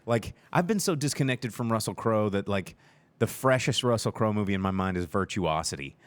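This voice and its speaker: Animated man chatting on a live show. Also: brisk, smooth. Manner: animated storytelling, acts out people in high silly voices. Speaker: podcast co-host. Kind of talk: casual live-stream chat. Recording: live-stream show recording.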